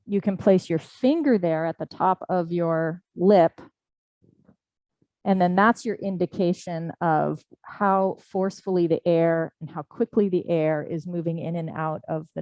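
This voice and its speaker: A woman teaching a live yoga class to people in the room and online. She gives gentle, slow breathing cues. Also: on the low side, dry recording, poor audio. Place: indoor studio class, also streamed online.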